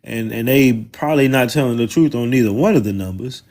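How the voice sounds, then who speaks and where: A man's voice: mid-range voice, a little fast, darkish tone. Man, Southern US accent, livestream host, casual, profane, mocking, laughs a lot.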